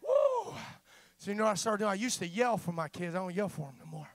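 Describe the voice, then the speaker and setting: A man preaching a sermon, moving from slow, quiet talk to loud, impassioned shouting and filling pauses with "uh". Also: sits high, wildly swooping pitch, no room sound. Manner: fills pauses with frequent "uh". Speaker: father.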